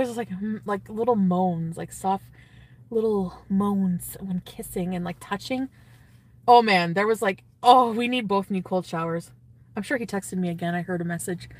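A woman talks on a casual livestream, giddy and gushing. Her sentences trail off and break into laughter, and her pitch sits mid-range for a woman. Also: slightly rough.

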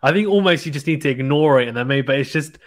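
A man's voice: a little high, fast. Chatty man hosting a tennis chat. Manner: chatty, animated, laughs often. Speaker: tennis podcast host. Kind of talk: casual chat with a guest.

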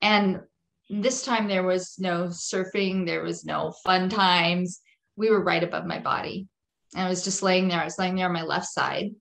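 A woman's voice: lowish voice, steady tone, normal speed, vocal fry, fairly bright tone. A woman guest on a podcast, telling a personal testimony in an earnest, vivid way and repeating phrases for emphasis. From Jewish home.

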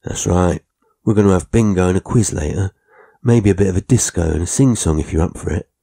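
A kind young care assistant with a friendly, reassuring manner, voiced by a man. His voice is deep and gravelly, with a mellow, husky tone. It is told as part of a storybook ghost tale. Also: fairly quick, exaggerated voice. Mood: cheerful.

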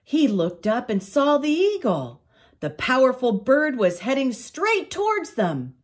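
Older woman, storyteller, slow, very expressive pitch, children's story reading. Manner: expressive, slow read-aloud.

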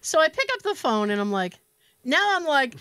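A woman's voice: high voice, big pitch swings, moderate pace, fairly bright tone. An American woman co-hosting a podcast, telling a story in a casual chat and acting out both sides of a phone call. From United States. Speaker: podcast co-host.

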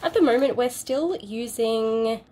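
A woman's voice: fairly high pitch, unhurried, dark tone. A woman with an Australian accent, gushing and exclaiming as she unboxes products for her channel. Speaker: unboxing vlogger. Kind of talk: excited unboxing chat.

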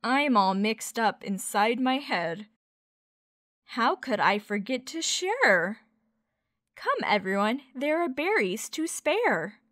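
Woman reading as a bumbling, good-natured big bear for a storybook, bright and high, slow and lively. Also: no echo, studio quality, heavily acted. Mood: cheerful.

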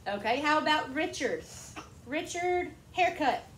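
Teacher lady explaining stuff to little kids, kinda high voice, echoey classroom. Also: lively intonation, measured pace, a bit bright, a little hiss or hum. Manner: patient, explains with examples. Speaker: kindergarten teacher.

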